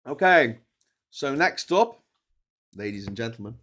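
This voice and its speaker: Brief: tired man, rambling livestream host, chatty, mid pitch. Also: very animated, a little slow, sharp tone. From Liverpool. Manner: rambling, chatty, full of fillers. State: tired from staying awake. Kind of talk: casual livestream chat.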